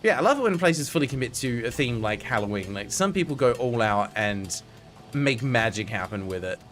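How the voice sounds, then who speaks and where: A man's voice: medium pitch, lively intonation, brisk, a bit bright. A young man streaming a game, chatting to viewers with wry asides and the odd swear. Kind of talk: casual live-stream gameplay commentary.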